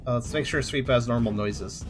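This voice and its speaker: A man's voice: mid-range voice, moderate pace, noisy background. A man hosting a let's play, talking through a game in a chatty way with muttered asides and frequent laughs. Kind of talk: gameplay commentary.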